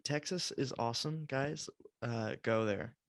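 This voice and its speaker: A man's voice: medium pitch, measured pace, dry recording. A man co-hosting a casual podcast chat, easygoing and laughing along. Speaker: podcast co-host.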